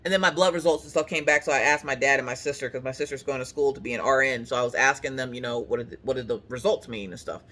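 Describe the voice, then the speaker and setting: A woman, chatting casually to the camera and telling stories with lively quoted voices. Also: extremely low pitch, quick pace, hardly any pauses. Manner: animated storytelling with voiced quotes. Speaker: craft vlogger. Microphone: camera on the couch.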